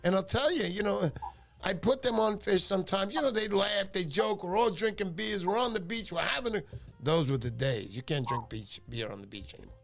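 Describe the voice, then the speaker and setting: A man hosts a fishing livestream in an animated, joking, rambling way. His high voice swings widely in pitch, and it has a gravelly edge. Faint music plays underneath. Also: fairly quick. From New York. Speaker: livestream fishing show host. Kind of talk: casual livestream chat.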